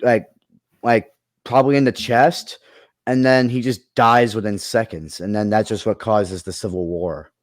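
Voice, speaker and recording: A man's voice: on the low side, fairly even intonation, measured pace, no echo. A man in a casual chat who rambles through his movie ideas, with many restarts along the way. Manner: rambling, full of fillers and restarts. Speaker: creator pitching movie ideas.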